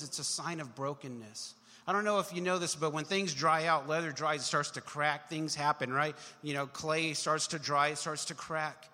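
High-voiced joking pastor in a reverberant hall. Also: male voice, pushed and bright. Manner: conversational and joking, acts out little voices. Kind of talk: sermon. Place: church sanctuary.

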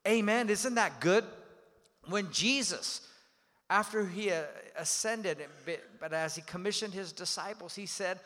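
A man's voice: high voice, measured pace. A man preaching a sermon as pastor, emphatic and dynamic, calling on the congregation to repeat phrases. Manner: dynamic preaching with swings in loudness. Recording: long hall reverb.

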